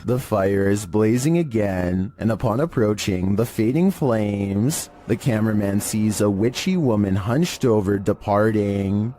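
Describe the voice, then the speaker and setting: A man in a monotone, measured delivery, giving scripted narration as a horror countdown narrator. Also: lowish voice, slight background noise.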